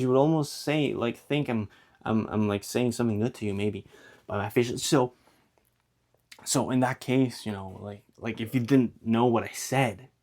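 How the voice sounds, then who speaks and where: A young man thinks out loud to his camera at a middle pitch. He rambles and restarts often. He drops casual slang and swears freely. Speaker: vlogger. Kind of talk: rambling philosophical monologue to camera.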